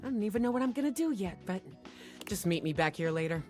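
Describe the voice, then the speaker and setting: A woman's voice: medium pitch, expressive, fast talker, darkish tone, echoey room, faint music behind, lightly acted. A woman voicing a smug talking candelabra. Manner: glib, teasing, argues with mock logic. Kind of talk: game character voice acting.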